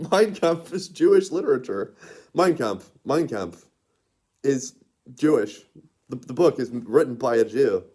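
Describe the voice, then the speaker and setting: A man's voice: medium pitch, lively intonation, measured pace, dark tone, breathy edge. A man talking in a casual rambling monologue. He giggles often and fills his speech with "like". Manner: giggly, rambling, constant filler "like"; rambling, with lots of restarts.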